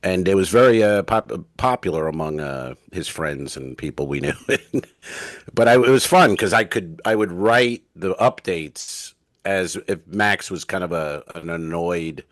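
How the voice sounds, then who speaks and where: Guy with a lowish voice rambling through comedy club stories on a podcast, dry close mic. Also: expressive, a little slow, no echo. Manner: rambling anecdotal storyteller, acts out dialogue. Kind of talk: casual storytelling chat.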